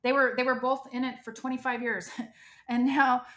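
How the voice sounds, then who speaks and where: A middle-aged woman from the United States telling her life story as a guest in an interview, animated and emphatic, acting out what people said. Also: high-pitched, moderate pace. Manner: animated, emphatic, frequent "like" and quoted dialogue.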